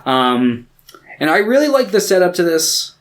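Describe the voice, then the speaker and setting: Here the movie podcast co-host has a high-pitched, sing-song voice at a normal speed. He recounts scenes in relaxed, profane banter, now and then putting on voices for the characters.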